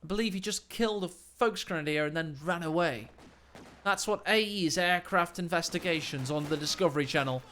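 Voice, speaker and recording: A man's voice: a little high, fairly quick, a bit bright. A man casting a strategy game, giving casual play-by-play commentary with cheeky joking asides. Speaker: game caster. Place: at home late at night.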